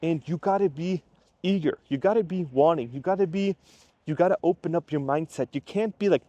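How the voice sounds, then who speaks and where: A man's voice: fairly high pitch, normal speed, warm tone, dry recording. A man working as a career coach, talking bluntly and casually to the camera and acting out what people say to him. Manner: blunt, plain-spoken, acts out quoted people; frequent fillers and restarts, conversational. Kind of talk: casual direct-to-camera monologue.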